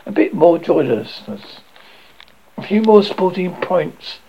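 A man's voice: sits high, big pitch swings, unhurried, vocal fry, warm tone, muffled recording, a little hiss or hum, full character voice. A man doing a blustering, blunt old wizard chief. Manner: bluff, brusque, blunt.

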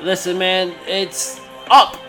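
A man's voice: high-pitched, steady tone, slow, pushed and bright, faint music behind. Emphatic male podcast co-host. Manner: emphatic, repeating himself. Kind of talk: casual wrestling podcast chat.

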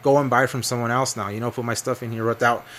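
A man's voice: medium pitch, little pitch movement, quick pace, a bit bright, a little hiss or hum. A man hosting a casual podcast, earnestly explaining how he sells to collectors and acting out customers. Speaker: podcast host, collectibles seller. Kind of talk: casual chat.

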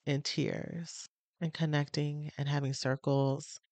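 A woman hosting her own podcast as a love addiction coach, talking casually and with emotion, with pauses as she gathers herself. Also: rumbling low, steady tone, a little mellow, no echo. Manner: emotional, pausing, heartfelt. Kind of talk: casual personal podcast talk. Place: on location on a trip.

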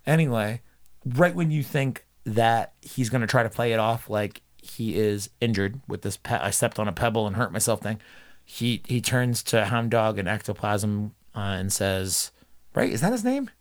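A man's voice: lowish voice, lively intonation, measured pace. A man co-hosting a podcast, recapping an anime episode in casual, profane chat with jokey asides. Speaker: podcast co-host.

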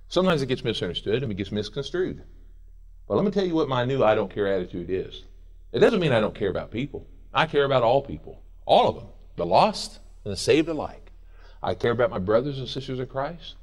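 Middle-aged male pastor, lively sermon delivery, jokey and animated, pitch swings widely. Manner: animated, jokey preaching with sung snippets and quoted voices. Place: church sanctuary.

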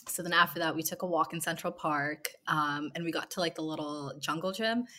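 A woman in her twenties tells a dating story as a guest, her voice low and grounded, her manner relaxed, chatty and brisk. Her casual storytelling is full of "like" and "um," and she acts out small bits of quoted dialogue.

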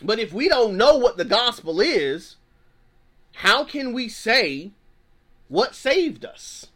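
Fervent high-voiced male pastor preaching. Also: sing-song, takes it slowly, pushed and bright. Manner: fervent, repeats phrases, plain-spoken slang. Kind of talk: preaching sermon.

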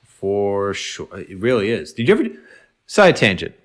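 A man's voice: lowish voice, huge pitch swings, moderate pace, a bit bright. A young man co-hosting a casual sports podcast, confident and emphatic, often restarting his sentences. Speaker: podcast co-host.

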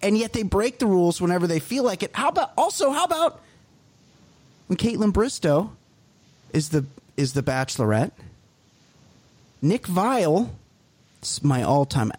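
A man co-hosting a comedy podcast, ranting animatedly and mimicking people in quick asides. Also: sits high, very animated, darkish tone, slightly rough, no room sound. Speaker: podcast co-host. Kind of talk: comedic casual chat.

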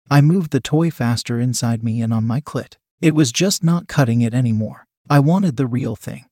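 Male narrator, mid pitch, steady even read, dry close-mic sound. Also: husky, no echo. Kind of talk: reading a first-person erotic story aloud.

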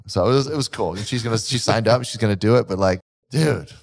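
Energetic low-voiced male podcast host. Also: fast talker, creaky. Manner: energetic, animated storytelling with acted-out quotes. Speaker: fitness gym owner and podcast co-host. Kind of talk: casual podcast chat.

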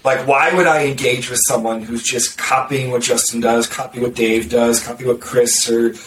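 A blunt, sarcastic man talks marketing in a loose podcast chat, tripping over quick restarts. He sounds set back from the mic in a roomy space. A faint background noise sits under his voice. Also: mid-range voice, steady tone, a bit bright, distant mic. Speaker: marketer discussing content strategy. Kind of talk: casual podcast conversation.

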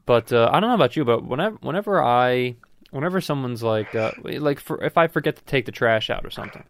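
A man's voice: medium pitch, lively intonation, fast. A young man hosting a casual chat, rambling and joking with frequent swearing and restarts. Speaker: host.

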